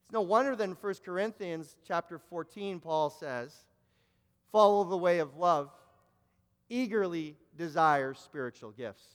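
A man's voice: high voice, a little slow, smooth, big-room sound. A man preaching a sermon, telling a story with many repeated words and restarts, then rising to emphatic exhortation.

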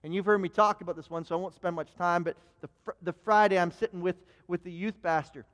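A man preaching a sermon, telling a personal story in an animated way, with frequent restarts and stammered repeats. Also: high-pitched, fast. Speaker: pastor. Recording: long hall reverb.

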